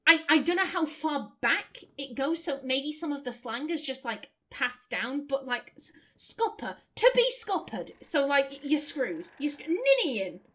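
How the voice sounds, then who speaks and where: A young woman from Lancashire with a softened Lancashire accent, chatting casually and rambling as she plays and comments on a game. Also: sits high, big pitch swings, a little slow. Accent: Lancashire, softened toward standard British. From Lancashire, England. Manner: chatty, rambling, stumbling restarts, laughing asides. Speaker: game streamer. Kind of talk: casual let's play commentary.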